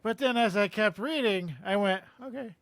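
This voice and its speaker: High-voiced man in dry close chat. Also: normal speed, a bit bright, dry recording. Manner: chatty, laughs often while reading. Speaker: podcast co-host. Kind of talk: casual book-discussion chat and reading aloud.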